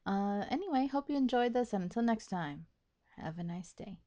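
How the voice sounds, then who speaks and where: A woman's voice: mid-range voice, expressive, moderate pace, warm tone, lo-fi sound. A woman streamer casually commenting on a game she is playing, chatty and playful and laughing often, with a sore throat. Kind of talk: casual let's-play commentary.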